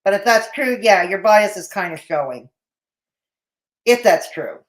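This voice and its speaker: A woman's voice: mid-range voice, lively intonation, unhurried. A woman hosting a live commentary stream, blunt and mocking in tone, with a Canadian accent. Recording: roomy echo.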